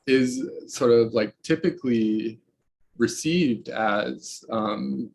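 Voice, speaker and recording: A man's voice: mid-range voice, slow, gravelly, darkish tone, a little hiss or hum. A young man speaking as a researcher in an academic interview, hesitant, with many fillers and restarts. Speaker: researcher guest.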